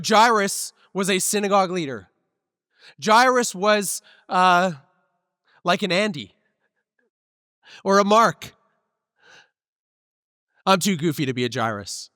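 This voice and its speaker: High-voiced man preaching a sermon. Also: no echo, studio quality, in a large hall. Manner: conversational, relaxed preaching with personal stories. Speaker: pastor. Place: church sanctuary.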